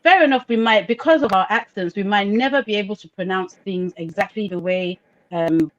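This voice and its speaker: A woman's voice: mid-range voice, a little fast. Passionate woman on a call. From Nigeria. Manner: passionate, emphatic, repeats points for stress. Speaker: podcast co-host. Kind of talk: casual discussion on a video call. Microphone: video call. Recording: slightly dull lo-fi call audio.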